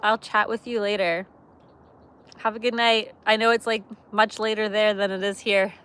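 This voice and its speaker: A woman hosting a casual livestream from her camper van, chatty and quick to laugh as she talks with viewers. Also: medium pitch, little pitch movement, fairly bright tone, clear, resonant tone. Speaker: livestream host. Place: camper van by a wood stove.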